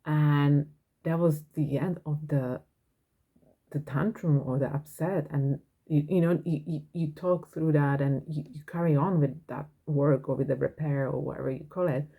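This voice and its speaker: A woman's voice: low voice, steady tone, moderate pace, vocal fry, breathy edge, narrow, tinny audio. A woman hosting a parenting podcast, talking frankly and earnestly in a casual monologue.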